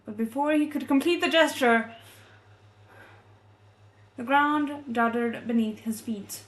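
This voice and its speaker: A woman reading a novel aloud as a readalong host, soft and measured, breaking off to react with feeling. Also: high voice. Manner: emotionally invested, breaks off to react.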